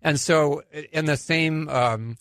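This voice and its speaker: A man's voice: a little high, takes it slowly, a bit bright, dry recording. A middle-aged man hosting a radio show at a studio microphone, chatting casually, laughing often, with plenty of fillers.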